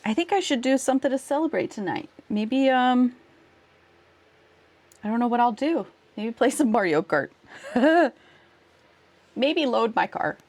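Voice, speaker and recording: Woman streamer, casual crafting chat, lively swinging pitch, easy slow delivery. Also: creaky. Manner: giggly, thanks viewers warmly, talks to herself while working.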